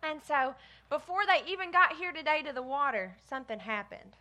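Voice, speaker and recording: A woman giving a lively children's sermon, talking straight to the kids. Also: sits high, fairly quick. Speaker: children's minister.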